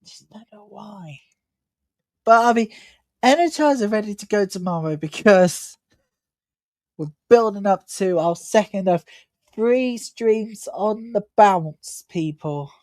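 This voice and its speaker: A woman's voice: medium pitch, animated, takes it slowly, darkish tone, dry recording. A tired woman hosting a live football watch-along, chatting and commenting on play in a rambling, chatty way. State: tired, yawning. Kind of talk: live match commentary and chat.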